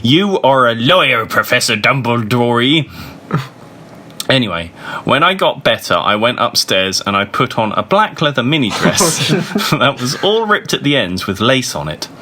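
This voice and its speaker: A man giving a comedic reading of a story, laughing often and shouting the characters' lines. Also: medium pitch, very animated, normal speed, slight background noise. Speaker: reader. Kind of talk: comedic dramatic reading of fan fiction.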